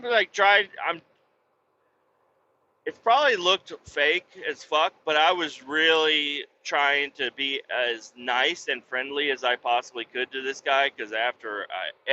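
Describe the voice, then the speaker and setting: A man co-hosting a podcast, telling a work story in a profane, animated, casual way. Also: measured pace, muffled recording, a little hiss or hum. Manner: profane, animated, puts on a sweet high voice for quoted niceness. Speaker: podcast co-host.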